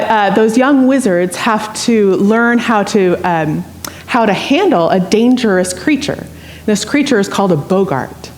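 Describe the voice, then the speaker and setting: A woman's voice: medium pitch, a little mellow. A woman pastor giving a sermon in a church, conversational and storytelling, with asides to the congregation. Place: church sanctuary.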